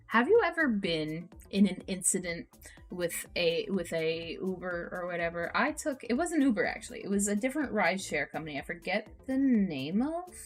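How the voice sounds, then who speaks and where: A woman streamer reacting to posts and telling stories in an animated, profane, ranting way. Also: fairly low pitch. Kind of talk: casual storytelling stream.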